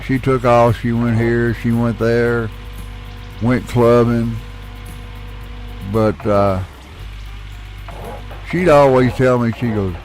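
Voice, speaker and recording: A man's voice: mid-range voice, fairly even intonation, takes it slowly, pauses often, a little mellow, soft background music. A middle-aged man, telling a rambling, folksy story with casual swearing while he plays a game. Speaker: gaming channel host.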